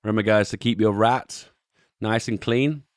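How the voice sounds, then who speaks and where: A young man, a YouTube host giving relaxed, chuckling commentary on memes and swearing offhandedly. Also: on the low side, normal speed, no room sound, clean studio sound. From England. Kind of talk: casual commentary.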